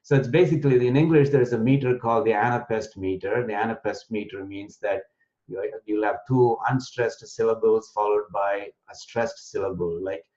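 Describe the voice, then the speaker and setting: A man's voice: lowish voice, steady tone, moderate pace, a little mellow. A man teaching an online class, explaining verses step by step with fillers and restarts, sometimes chanting lines. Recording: dull lo-fi online class audio.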